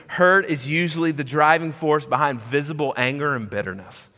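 A man preaching a sermon in a big reverberant hall. His voice is bright and forceful. He climbs to loud, high emphasis, then drops low and quiet, and repeats phrases to hammer them in. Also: normal speed, hardly any pauses. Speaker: pastor.

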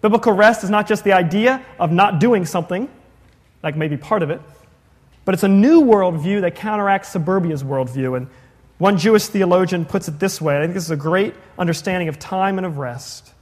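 A man preaching a sermon to a congregation, chatty, with rhetorical questions and joking asides. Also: high voice. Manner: conversational, asks the congregation questions, quick jokey asides. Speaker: pastor. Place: church sanctuary. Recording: long hall reverb.

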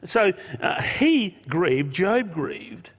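A man's voice: sits high, sing-song, extremely slow, slightly rough, highs cut off. A man preaching a sermon in an earnest way, asking rhetorical questions and pressing his points with emphasis. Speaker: pastor. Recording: long hall reverb.

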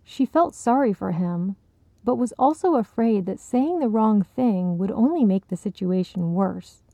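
A woman narrating a short story in a measured, even way. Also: medium pitch, no echo. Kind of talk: audiobook narration.

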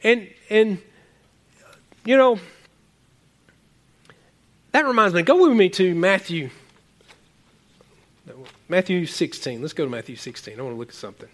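Guy preaching, kinda high voice, gets loud then drops quiet, repeats himself a lot. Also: unhurried, long pauses. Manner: animated, rambling, repeats words, swings from loud to quiet. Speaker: pastor. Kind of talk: sermon.

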